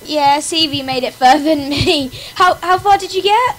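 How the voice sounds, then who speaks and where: A woman's voice: sits high, normal speed, poor audio. A woman hosting her gaming channel in casual gameplay commentary, melodramatically complaining about her failures with wails and laughter.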